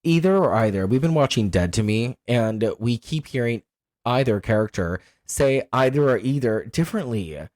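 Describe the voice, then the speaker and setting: A man's voice: medium pitch, moderate pace, few pauses. Guy cohosting a movie podcast, voice jumps all over, swears, laughs a bunch. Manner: animated, swears freely, laughs often. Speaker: podcast co-host. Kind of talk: casual chat.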